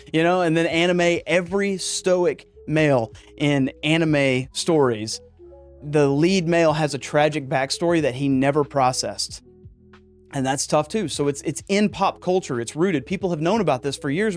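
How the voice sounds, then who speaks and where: A man hosting a podcast, talking casually and getting worked up, with jokey asides. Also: a little high. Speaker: podcast host. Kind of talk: casual podcast monologue on men's mental health.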